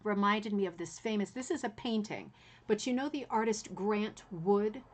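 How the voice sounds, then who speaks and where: A woman's voice: mid-range voice, moderate pace. A woman hosting a rug hooking channel, talking viewers through a bit of history in a chatty way, with many fillers and "right?" asides. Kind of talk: casual history talk to viewers.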